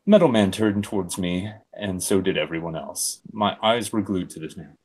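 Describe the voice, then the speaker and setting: A man's voice: low voice, normal speed, few pauses, husky. A man giving a comedic dramatic reading of fan fiction, breaking into giggles. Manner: expressive, giggling.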